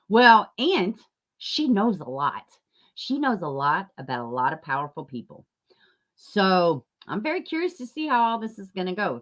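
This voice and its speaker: A woman hosting a true crime livestream, chatting casually and reading viewer comments, blunt and profane, flaring into heated rants. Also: low-pitched.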